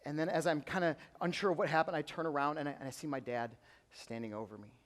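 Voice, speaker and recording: A young man, a youth pastor, telling a personal story in a sermon, earnest, sometimes hushed and sometimes emphatic. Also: fairly high pitch, steady tone, fast. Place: church auditorium. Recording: long hall reverb.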